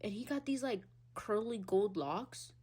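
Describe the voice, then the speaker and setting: In an unhurried, husky voice, a young woman of Hispanic background rants solo on her podcast. The tone is casual and animated, with free swearing, frequent laughter and big swings in pitch and loudness from loud squeals to low mutters.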